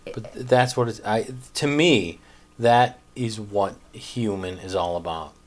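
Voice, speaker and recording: A man's voice: lowish voice, unhurried. A man hosting a casual chat, listening and reflecting thoughtfully on what he hears.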